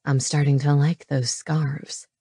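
A woman voicing a tender, teasing adult man in an audiobook, speaking low and hushed. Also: flat delivery, slow, slightly rough, no echo, clean studio sound, heavily acted. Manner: low, hushed and soft-spoken.

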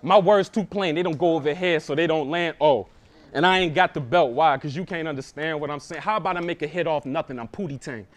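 A man's voice: a little high, fairly quick, a little hiss or hum. A young man performing a live battle rap verse, punchy and confrontational, repeating lines for emphasis. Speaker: battle rapper.

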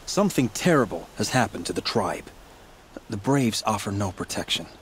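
An actor playing a grim male outcast leader in a game, speaking in a grave, measured way. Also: on the low side, sing-song, slight background noise. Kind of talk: game character dialogue.

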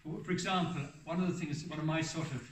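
A man's voice: on the high side, fairly even intonation, fast talker, slight background noise. Seventies man, hermit telling stories to a gathering, meandering and self-correcting, heard from a distance. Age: 70s. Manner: rambling, often restarts and corrects himself. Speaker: hermit giving a public talk. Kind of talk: anecdotal storytelling talk. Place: hall for a public talk. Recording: roomy sound from a distant mic.

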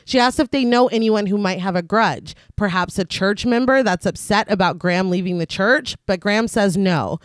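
A woman's voice: medium pitch, normal speed, hardly any pauses, dry recording, studio quality. A woman co-host of a podcast, narrating a film's plot in a casual recap and laughing often.

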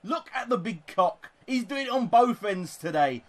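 A young British man commentating live on his football video game, excitable and sweary, shouting when goals go in. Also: high-pitched, a little slow. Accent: British English. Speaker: gaming YouTuber.

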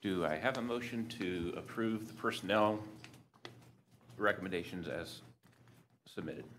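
Man, very deep voice, board president running votes, formal procedural phrasing, faint background hum. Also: a little slow, a bit bright. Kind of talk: chairing a board meeting. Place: meeting room.

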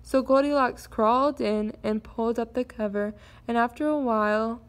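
A woman reading a children's fairy tale aloud in an expressive storytelling manner. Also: on the high side, moderate pace.

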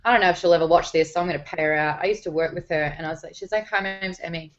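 A woman, hosting a talk show, telling stories in a playful, animated way. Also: deep voice, rapid-fire, muffled recording, faint music behind. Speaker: host. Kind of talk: casual chat.

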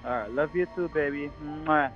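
A man's voice: mid-range voice, moderate pace, lo-fi sound, faint music behind. A man on a call who keeps repeating endearments and exclamations. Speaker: scammer on a call.

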